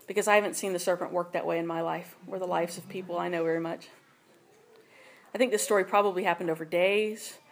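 A woman teaches a sermon in a plain, conversational voice. She keeps checking in with her listeners as she goes. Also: mid-range voice. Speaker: Bible teacher.

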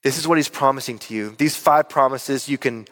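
A man's voice: medium pitch, fairly quick, a bit bright, in a large hall. A man preaching a sermon as pastor, earnest and emphatic, repeating key words for weight. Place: church hall.

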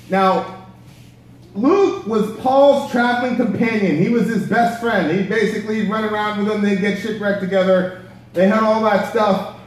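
A man preaching a sermon, telling the story in a casual, slangy way. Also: sits high. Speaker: pastor. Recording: echoey hall from far off.

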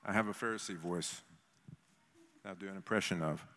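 Pastor guy preaching, lively, acts out bible voices, big echoey gym sound. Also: low voice, brisk. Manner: animated, acts out biblical voices. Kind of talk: sermon. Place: church meeting in a gym. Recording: long hall reverb.

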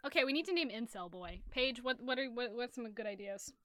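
A woman's voice: on the high side, lively intonation, brisk, bright, forceful tone. A woman hosting a casual comedy podcast chat, rambling and interrupting herself as she laughs along with friends. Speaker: podcast host.

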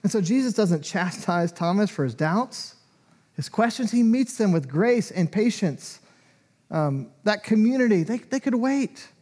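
Pastor, male, high voice, chatty sermon delivery, acts out quotes. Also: unhurried. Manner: conversational and animated, acting out quoted lines.

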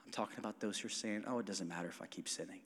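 Preaching pastor in a reverberant sanctuary. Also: male voice, low voice, racing, breathy edge. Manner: swings between quiet intimate passages and loud emphatic preaching; calls for congregation responses. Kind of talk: sermon. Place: church sanctuary. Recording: long hall reverb.

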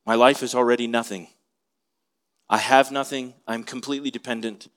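A man voicing a desperate blind male beggar, speaking in a pleading, quiet way. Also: mid-range voice, fairly even intonation, normal speed, close to an everyday voice.

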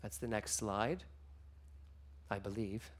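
A man giving a sermon, telling stories with emotion, moving between hushed and loud passages. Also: fairly low pitch, takes it slowly. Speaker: minister.

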